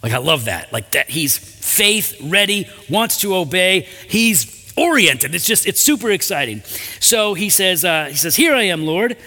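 A male pastor reads scripture and then unpacks it in a lively, conversational sermon. His voice is high and bright. The long reverb of a big hall hangs behind every line. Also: measured pace. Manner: animated, conversational preaching with asides.

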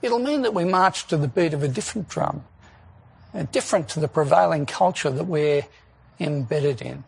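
Gravelly, husky-voiced male preacher. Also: on the high side. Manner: earnest, rhetorical questions, emphatic pauses. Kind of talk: sermon.

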